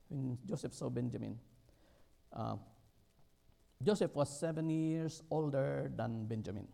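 Gravelly middle-aged man preaching haltingly. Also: mid-range voice, dark tone. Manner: halting, with many fillers and restarts, rising emphatically on key words. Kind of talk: sermon.

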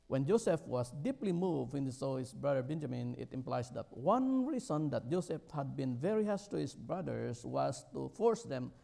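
Gravelly middle-aged man preaching haltingly. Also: mid-range voice, mellow. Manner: halting, with many fillers and restarts, rising emphatically on key words. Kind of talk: sermon.

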